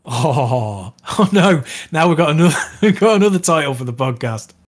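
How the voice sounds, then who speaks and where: A man co-hosting a gaming podcast in casual chat, keen and quick to laugh. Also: fairly high pitch, expressive. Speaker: podcast co-host.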